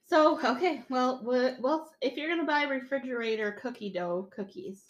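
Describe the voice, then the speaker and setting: A woman's voice: sits high, normal speed, roomy sound, lo-fi sound. A woman co-hosting a podcast in casual chat, chatty and often laughing as she retells scenes. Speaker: podcast co-host.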